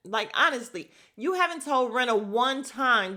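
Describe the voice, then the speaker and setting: A woman's voice: fairly high pitch, animated, moderate pace, few pauses, bright, forceful tone. A woman hosting a podcast, chatting casually and gossipily as she recaps a show and acts out the quotes.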